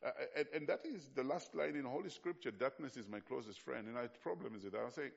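Impassioned preacher, dull lo-fi sound. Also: male voice, medium pitch, fast talker, gravelly, husky. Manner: impassioned, swinging from hushed to loud; frequent restarts and fillers. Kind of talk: sermon.

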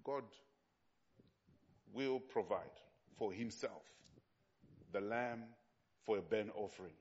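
A man's voice: lowish voice, slow pace, darkish tone, breathy edge, lo-fi sound, voice pushed down. A man voicing the patriarch Abraham, a solemn old father answering his son, during a sermon.

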